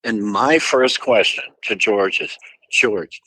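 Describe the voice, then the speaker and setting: An older man from St. Louis telling an animated story as a guest in an interview. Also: on the low side, slow, a little hiss or hum, rough recording. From St. Louis, USA. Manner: animated anecdote-telling with quoted voices. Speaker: musician guest.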